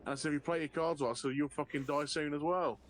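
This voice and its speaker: A man streaming a game, telling a long anecdote in a profane, animated way and often laughing. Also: fairly high pitch, fast talker, very noisy. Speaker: livestreamer. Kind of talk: casual storytelling while gaming.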